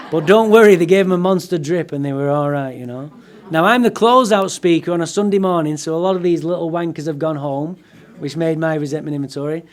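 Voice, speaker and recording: A man giving a comic, profane personal story to a live recovery-meeting audience. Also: on the high side. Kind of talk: humorous personal storytelling talk.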